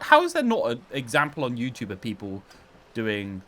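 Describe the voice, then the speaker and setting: Chatty bright-voiced man commentating a game. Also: medium pitch, wildly swooping pitch, normal speed. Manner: chatty, wry, reads game dialogue aloud. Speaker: gaming channel host. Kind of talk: casual gameplay commentary.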